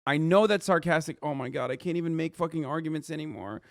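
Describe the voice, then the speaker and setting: A man in his thirties streaming live reaction commentary, ranting and swearing, jumping between loud outbursts and low mutters. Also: lively intonation, fast talker, no room sound, studio quality. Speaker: streamer reacting to a news video.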